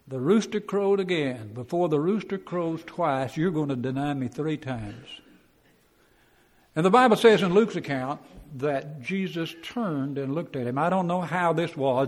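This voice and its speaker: A man teaches a Bible class in a plain, folksy way, acting out the quotes he tells. His voice sits somewhat high for a man. The sound trails off in the long reverb of a church hall. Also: a little hiss or hum. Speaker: preacher.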